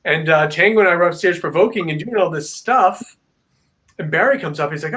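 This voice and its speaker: Animated rambling man telling a story. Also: fairly high pitch, brisk. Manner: rambling, filler-heavy, animated. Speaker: paranormal investigator guest. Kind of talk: casual storytelling interview.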